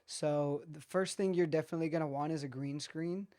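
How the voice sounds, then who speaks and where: A guest speaker calmly explaining practical studio gear in a casual video call chat. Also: medium pitch, brisk. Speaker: guest expert. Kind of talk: casual tech advice chat.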